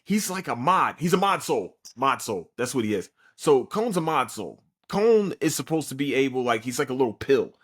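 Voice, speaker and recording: A man's voice: mid-range voice, very animated, normal speed, hardly any pauses, fairly bright tone, breathy edge. A tired man hosting a podcast, recapping an anime episode in a rambling, profane way with lots of fillers. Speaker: podcast host.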